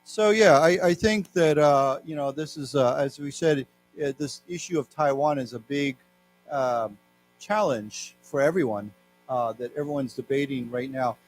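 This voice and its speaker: A man with an American accent giving a live English lesson, reading news aloud slowly and explaining words to his class. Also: medium pitch, soft background music. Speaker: English teacher. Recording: faint mains hum.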